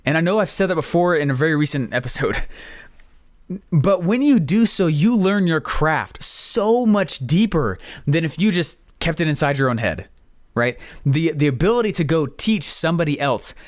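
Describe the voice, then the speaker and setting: A man hosting a podcast, telling a casual, rambling story full of fillers and excited asides. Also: fairly high pitch, no echo, clean studio sound. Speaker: podcast host.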